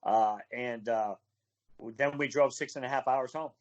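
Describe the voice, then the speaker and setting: A man's voice: medium pitch, unhurried. A man telling road stories over a video call, acting out other people's lines as he goes. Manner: animated storyteller acting out quoted voices. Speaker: wrestling referee, guest.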